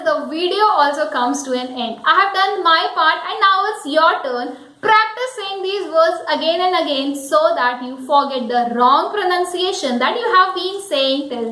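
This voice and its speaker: A woman with an Indian accent teaching English pronunciation, slowly repeating and spelling out words. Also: sits high, pushed and bright, roomy sound, low-quality recording. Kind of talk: pronunciation lesson.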